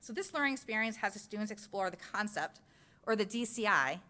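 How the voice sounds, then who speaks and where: A woman's voice: medium pitch, lively intonation, fairly quick, bright, forceful tone. A woman presenting a science curriculum at a school board meeting, walking through slides step by step in an explanatory way. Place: public meeting room.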